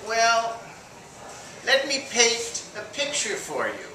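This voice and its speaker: Man putting on a high, slow old lady of ninety-one. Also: wildly swooping pitch, sharp tone, slight background noise, exaggerated voice. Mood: folksy. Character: frail chatty old woman, ninety-one. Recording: echoey room from far off.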